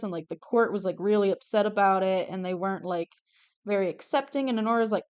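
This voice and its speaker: A woman's voice: medium pitch, fast talker, a little mellow, smooth. A young adult woman streaming while she draws, chatting casually, gushing over characters and swearing freely, often trailing off mid-sentence. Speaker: streamer drawing commissioned art. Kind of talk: casual livestream chat while drawing.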